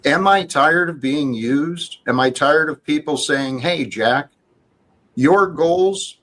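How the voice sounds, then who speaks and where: A man in a tense argument, firm and placating, lecturing the other side to calm down. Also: on the high side, slow, rough recording. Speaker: guest in a heated debate. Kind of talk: argument, trying to calm things.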